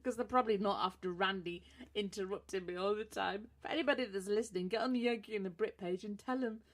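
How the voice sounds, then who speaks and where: A woman's voice: medium pitch, fairly even intonation, quick pace. A British woman co-hosting a radio show, teasing her co-host and laughing often. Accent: British English. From England. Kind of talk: playful banter on a podcast radio show.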